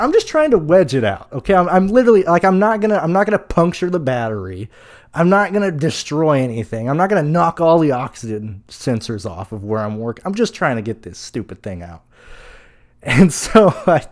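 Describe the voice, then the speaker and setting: A man's voice: on the high side, darkish tone. A young American man hosting a live show, telling a long, profane, exasperated story in a casual rambling way. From United States.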